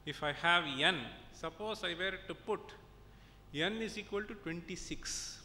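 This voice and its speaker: A man's voice: measured pace, pushed and bright. A man gives an academic conference lecture, explaining step by step and often checking in with his audience. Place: conference hall. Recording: echoey hall with faint rumble.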